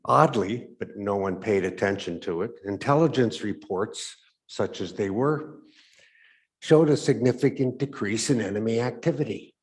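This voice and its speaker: A man with a low-pitched voice tells a story aloud, measured and reflective. He lets his phrase ends drop away quietly. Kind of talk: story read aloud for Advent.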